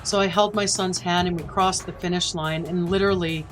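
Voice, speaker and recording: A woman's voice: lowish voice, fairly even intonation, a little fast, soft background music, poor audio. A woman in her forties, a podcast guest earnestly recounting a personal story and acting out the dialogue. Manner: earnest, emotional retelling with quoted dialogue.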